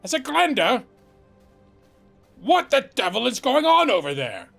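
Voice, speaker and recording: A man putting on the voice of an overexcited viewer who rambles through a story in a frantic, shouty way with dramatic pauses. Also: high-pitched, lively intonation, soft background music, voice pushed up. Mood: breathless, excited.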